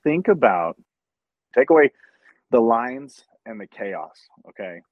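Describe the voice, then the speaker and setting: A man's voice: mid-range voice, very animated, takes it slowly, no echo, phone-quality sound. A man who manages talent at conventions, in casual podcast chat, earnestly telling stories and acting out the conversations in them.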